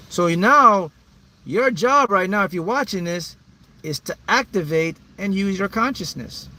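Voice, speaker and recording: A man's voice: high-pitched, animated, moderate pace, bright, forceful tone. A man as a manifesting mentor, speaking emphatically and repetitively to his viewers in a live motivational talk. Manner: reads out viewers' names.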